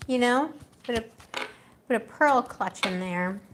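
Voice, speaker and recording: A woman's voice: fairly high pitch, expressive, measured pace, noisy background. A young woman doing a live tarot reading in a casual, chatty way, laughing often and talking with lots of fillers. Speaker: tarot reader.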